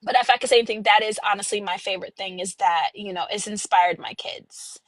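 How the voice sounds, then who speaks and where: A woman in her thirties, an author chatting in a podcast interview, who tells lively stories, laughs often and acts out quotes. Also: medium pitch, quick pace, no room sound, poor audio. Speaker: author guest.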